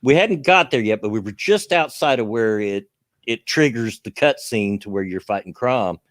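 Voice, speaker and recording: A Southern US man chatting casually on his stream, rambling and chuckling as he goes. His pitch swings lively up and down around a middling register. The sound is dry and close. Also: moderate pace, dry recording. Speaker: streamer hosting a chat show. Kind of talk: casual chat.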